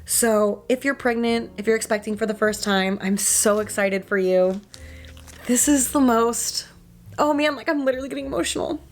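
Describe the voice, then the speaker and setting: A woman's voice: fairly high pitch, normal speed. A young adult woman, a mother, talking casually to her viewers in a candid, chatty way, filling her speech with "like" and the odd swear word. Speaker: mom vlogger. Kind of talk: casual chat to camera.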